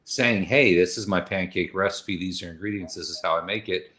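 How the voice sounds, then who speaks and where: A man with a somewhat low voice chats on a casual group call. He agrees readily and slips in jokes as he pitches ideas. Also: fairly quick, bright, forceful tone. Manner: agreeable, jokey. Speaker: cooking channel co-host.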